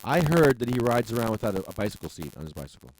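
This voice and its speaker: A man's voice: mid-range voice, sing-song, very fast, slight background noise, poor audio. A man hosting a podcast who jokes around and reads an ad in a sing-song way. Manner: playful, jokey, sing-song. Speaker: podcast host. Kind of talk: joking ad read and casual chat. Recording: music playing behind.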